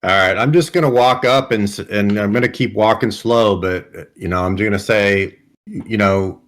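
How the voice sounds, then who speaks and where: A man's voice: lowish voice, normal speed, fairly bright tone. A man playing a tabletop game, making casual out-of-character remarks. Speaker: player.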